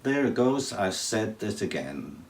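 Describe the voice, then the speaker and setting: A man with a very low voice talks slowly and wryly, dropping humorous asides as he explains. The sound is roomy and a little distant from the mic. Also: big pitch swings. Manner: chatty, wry, humorous asides. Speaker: English teacher. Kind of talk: casual explainer video.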